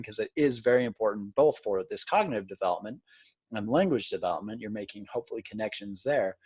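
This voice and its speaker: A man's voice: on the low side, dry recording. A man teaching as a college instructor in a recorded video lecture, casual and self-deprecating, with filler ums.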